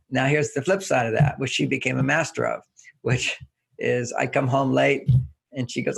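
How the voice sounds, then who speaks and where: An older man, a relationship author, explaining ideas in an interview with relaxed anecdotes and repeated key phrases. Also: medium pitch, normal speed, creaky, husky.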